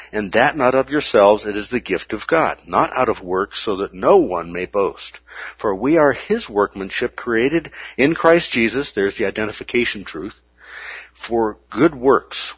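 A man teaching a sermon on a Bible passage, animated, with playful asides and acted-out exclamations. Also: lowish voice, husky, no room sound, highs cut off.

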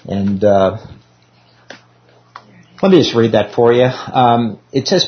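A man's voice: medium pitch, unhurried. Man, Bible class teacher, casual self-deprecating talk, reads scripture aloud, meeting room, dull lo-fi recording.

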